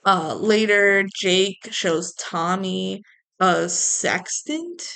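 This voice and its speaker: A woman's voice: mid-range voice, fairly even intonation, extremely slow, gravelly, a bit bright. A woman co-hosting a podcast, chatting casually through a movie recap, laughing and quoting characters. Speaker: podcast co-host.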